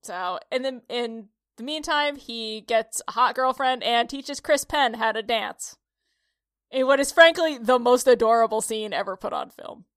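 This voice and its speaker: A woman's voice: on the high side, a little slow, no room sound. Giggly upstate New York woman, dry mic. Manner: giggly, rambling storyteller. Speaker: podcast co-host. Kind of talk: casual chat.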